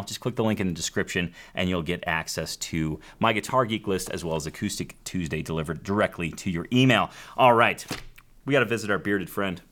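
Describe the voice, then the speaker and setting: Upbeat male show host with a lowish voice, talks straight to his viewers. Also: fairly bright tone. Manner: enthusiastic, chatty, promotional. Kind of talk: upbeat YouTube show presenting.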